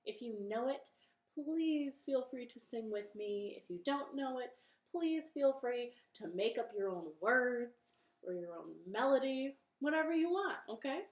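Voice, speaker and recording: A cheerful woman hosts a children's storytime from her living room, speaking straight to young listeners. Her voice sits high and her delivery is slow and gentle. The sound is roomy, with a faint ukulele in the background. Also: animated. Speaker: library storytime host.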